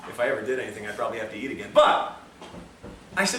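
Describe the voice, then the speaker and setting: Bright-voiced man telling a joking story. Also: medium pitch, big pitch swings, fast talker, slight background noise. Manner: chatty, joking, self-mocking asides. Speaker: lecturer at a health institute. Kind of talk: humorous storytelling lecture. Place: lecture room at a health institute. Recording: echoey room, distant mic, faint ambience.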